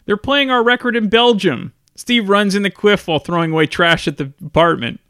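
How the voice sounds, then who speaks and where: A chatty man goes through a film's scenes in a casual review, chuckling often. His voice is bright, a little higher than most, and the recording is dry and close. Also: brisk, smooth, no room sound. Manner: chatty, laughs often while recapping. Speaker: film reviewer.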